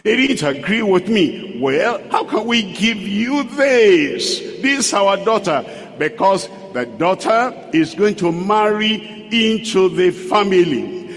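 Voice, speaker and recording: A man preaching a sermon, emphatic and full of rhetorical questions. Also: very animated. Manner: emphatic, slow and sweeping pitch, rhetorical questions. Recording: long hall reverb.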